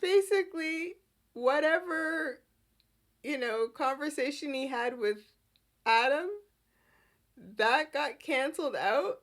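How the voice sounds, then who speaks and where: A woman hosting a podcast and recapping a soap opera in casual, animated chat with frequent giggles. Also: sits high, slow pace, long pauses. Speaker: podcast host.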